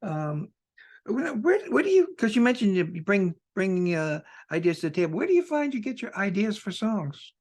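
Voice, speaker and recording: A man hosting a casual interview, asking halting, hesitant questions. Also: sits high, very animated, darkish tone. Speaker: interview host.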